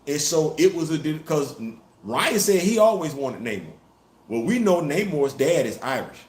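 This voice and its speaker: A man hosting a casual commentary show, talking in an animated, emphatic way with features. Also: fairly high pitch, normal speed. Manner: animated, emphatic, rising to loud peaks. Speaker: host. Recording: roomy echo.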